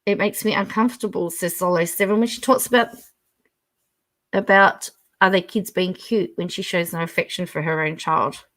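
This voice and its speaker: A woman's voice: on the low side, a bit bright. A middle-aged Australian woman hosting a casual livestream, reading viewer comments aloud, chatting and laughing often.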